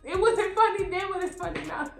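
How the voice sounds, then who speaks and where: Young woman, high voice, animated storytime vlog, roomy echo. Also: fairly quick, creaky, soft background music. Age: young adult. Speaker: vlogger. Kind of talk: casual storytelling. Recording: roomy echo, faint background beats.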